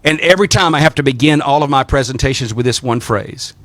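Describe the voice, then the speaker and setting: Quick-paced and slightly bright, his mid-range voice has no echo. The speaker, a middle-aged Orthodox priest with a Southern accent from the American South, teaches clergy homiletics with down-home storytelling and phrases he returns to again and again.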